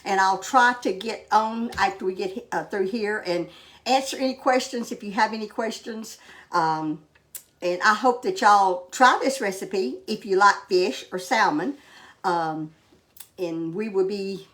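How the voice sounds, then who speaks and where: An older woman chats at a mid pitch while she tastes her cooking. She talks in a homey, rambling way, full of ums and uhs. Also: a little slow, fairly bright tone. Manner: homey, rambling with many fillers. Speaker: cooking show host. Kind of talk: casual cooking vlog chat.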